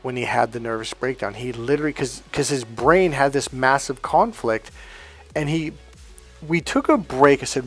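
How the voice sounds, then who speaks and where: A man's voice: medium pitch, moderate pace, faint music behind. A man coaching on dating, telling a story in a casual monologue, swearing bluntly and acting out what people said. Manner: blunt and profane, swearing often; animated, acting out quotes from a story.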